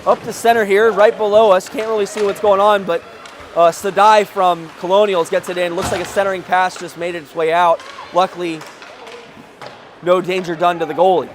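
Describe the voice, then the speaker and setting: A man doing live play-by-play of a youth hockey game, with quick calls that jump up at big plays and joking asides. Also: sits high, slight background noise. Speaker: play-by-play commentator.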